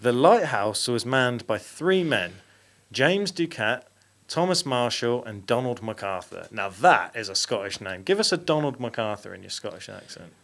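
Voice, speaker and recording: A man's voice: medium pitch, sing-song, moderate pace, gravelly, fairly bright tone. A man hosting a podcast, reading out facts and stopping to correct himself. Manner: reads aloud with fillers and self-corrections. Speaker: podcast host. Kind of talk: reading out facts in casual chat.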